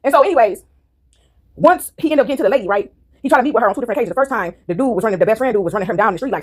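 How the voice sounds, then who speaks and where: Fast-talking husky woman vlogger. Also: fairly high pitch, expressive. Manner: rambling, swearing, addresses viewers as y'all. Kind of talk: casual rambling movie recap to viewers.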